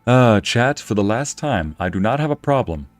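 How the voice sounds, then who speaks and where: A man's voice: medium pitch, lively intonation, normal speed, dry recording, faint music behind. A young man casually commenting on a game he is playing, joking and laughing often. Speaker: streamer narrating a game playthrough.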